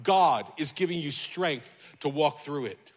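A man's voice: a little high, animated, unhurried, long reverb tail. A man preaching a sermon as pastor, fervent and repetitive, calling out to the congregation.

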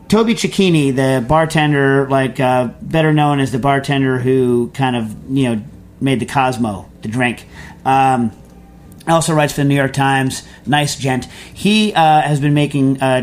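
Chatty rambling man hosting a radio show. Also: medium pitch. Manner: rambling, chatty, many fillers and restarts. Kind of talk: casual call-in answering.

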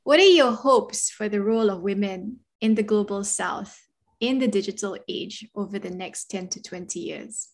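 A woman hosting an interview. Her voice sits at a middle pitch. She affirms what her guest says and leads into each framed question. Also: moderate pace. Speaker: interview host.

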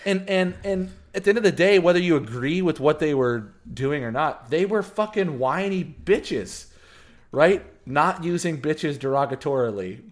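A man's voice: fairly high pitch, lively intonation, moderate pace. A man in casual podcast chat, talking animatedly with lots of fillers, swearing and laughs. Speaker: podcast co-host.

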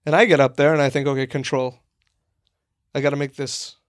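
A man's voice: medium pitch, flat delivery, fairly quick, dry recording. Young guy on a podcast rambling thru a funny story, says like a lot, dry close sound. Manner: rambling, lots of "like", acts out quoted people. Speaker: podcast co-host. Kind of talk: casual comedic storytelling.

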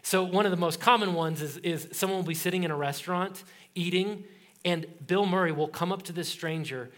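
Middle-aged male pastor, lively sermon storyteller, fairly high voice. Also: a little fast. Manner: animated storytelling with laughs and acted quotes.

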